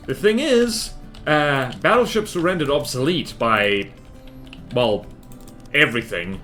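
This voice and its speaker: A man's voice: mid-range voice, animated, unhurried, a bit bright. Rambling male game streamer, faint music. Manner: rambling, filler-heavy, self-deprecating. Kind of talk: casual live-stream chat while building in a game. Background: faint music and keyboard typing.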